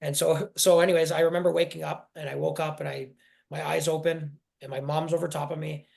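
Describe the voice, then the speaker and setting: A man in his forties telling his personal story in an interview, halting and emotional, often restarting his sentences. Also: a little high, little pitch movement, creaky, a little mellow. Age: 40s. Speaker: guest.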